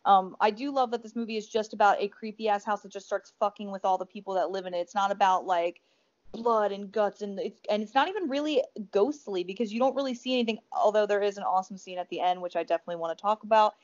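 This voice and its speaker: A woman's voice: mid-range voice, fairly even intonation, fast talker, darkish tone. A woman co-hosting a podcast, chatting about a horror film in a rambling, enthusiastic way, full of fillers and restarts. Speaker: podcast co-host. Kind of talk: casual movie review chat. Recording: dull lo-fi podcast audio.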